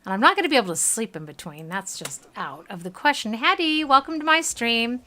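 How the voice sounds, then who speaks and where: A woman with a Southern US accent streams a game in a casual, chatty way, reading the game's text aloud. Her voice is bright, with lively pitch swings, and she sounds tired. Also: brisk.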